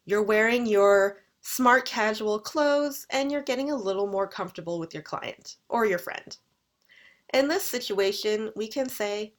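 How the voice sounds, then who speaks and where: A woman's voice: medium pitch, fairly bright tone. Canadian woman teaching English phrases. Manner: clear, exaggerated intonation when modeling phrases. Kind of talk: recorded lecture, modeling phrases.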